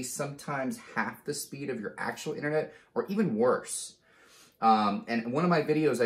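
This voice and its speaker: A man hosting a casual how-to video, explaining each step slowly and checking in with "okay?" as he goes. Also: medium pitch. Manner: slow, deliberate step-by-step explaining; frequent "okay?" check-ins. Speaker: tech tutorial host. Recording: roomy, echoey room sound.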